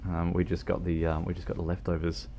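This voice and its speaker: Low-voiced New man rambling on stream. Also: completely flat delivery, fast talker, dark tone, a little hiss or hum. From New Zealand. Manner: rambling, hesitant, many fillers and restarts; self-deprecating, joking. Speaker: game streamer. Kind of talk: casual livestream chat while driving in a game.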